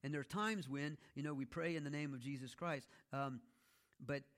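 A man's voice: a little high, steady tone, normal speed, fairly bright tone. A male pastor preaching a sermon in a conversational teaching style, telling a story with playful asides and often checking in with "okay?".

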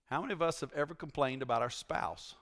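A man's voice: fairly high pitch, quick pace, fairly bright tone. A male preacher giving a conversational sermon in a church, teasing his congregation and asking them questions.

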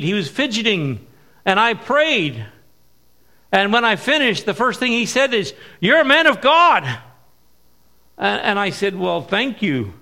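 A middle-aged man preaching at a missions conference, telling stories and stressing key words slowly. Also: high voice, sharp tone. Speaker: missionary speaker. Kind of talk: sermon with storytelling.

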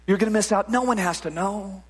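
A man voicing a sly, cruel male devil who whispers temptations and insults in a soft, hushed voice. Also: extremely high pitch, slow, exaggerated voice. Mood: coaxing. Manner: coaxing then sneering.

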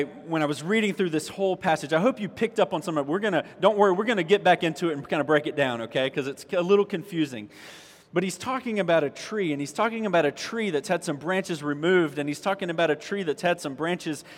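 A man's voice: a little high, animated, brisk. A man, the pastor, preaching a conversational sermon and reading scripture, pushing his voice up for emphasis. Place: church sanctuary. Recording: long reverb of a church hall.

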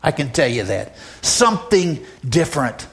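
A man's voice: fairly high pitch, very animated, normal speed, a bit bright. A male pastor preaching a sermon, emphatic and repetitive, often asking the audience rhetorical questions.

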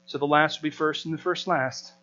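A man's voice: on the high side, fairly even intonation, a little fast, bright, forceful tone. An American man preaching a sermon to a live audience, emphatic and full of rhetorical questions, on a dull lo-fi recording with mains hum. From United States.

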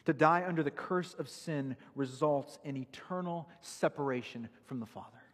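A man's voice: on the high side, normal speed, a bit bright, big-room sound. A man preaching a sermon, earnest and emphatic, citing Bible verses as he explains them. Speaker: pastor.

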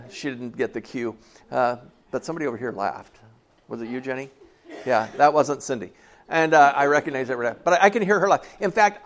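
Man, 60s, pastor, sermon, folksy, conversational, asks the crowd questions, fairly high voice. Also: a bit bright. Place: church in front of a congregation.

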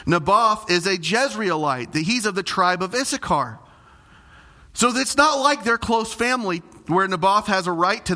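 Animated, bright-voiced male preacher. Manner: animated, dramatic preaching with big pitch swings. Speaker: pastor. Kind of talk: sermon.

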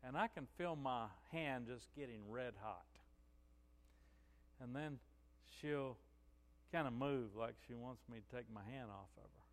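A man's voice: medium pitch, a little slow, pauses often, in a large hall. A male pastor preaching a sermon in a conversational storytelling way, with frequent "you know" asides.

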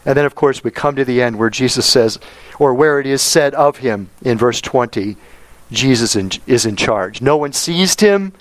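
A male pastor preaching a sermon, stressing key words with slow, drawn-out emphasis. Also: medium pitch, lively intonation, dry recording, rough recording.

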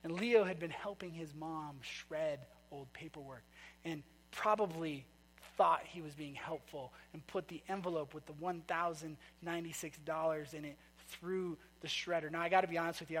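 Preacher, male, high and bright voice, chatty storyteller who quizzes the congregation. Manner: conversational storytelling, asks the congregation questions. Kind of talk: sermon. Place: church sanctuary. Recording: long reverb of a large hall.

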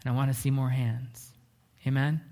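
A man preaching a sermon, telling a story earnestly, slowing down and dropping to a hush for emphasis. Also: mid-range voice, little pitch movement. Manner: earnest, often slows down and drops to a hush for emphasis. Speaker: pastor.

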